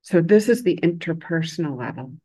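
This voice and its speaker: A woman giving a Buddhist dharma talk in a gentle, conversational way. She pauses often and lets phrases trail off. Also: fairly low pitch, expressive, husky. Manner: uses a loud, bright voice for quoted speech. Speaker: Buddhist meditation teacher.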